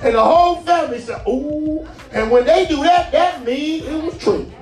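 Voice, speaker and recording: A male comedian in his forties tells a profane, animated stand-up story. His voice sits high, and he sounds distant in a roomy, echoing hall with faint music underneath. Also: a little fast. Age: 40s.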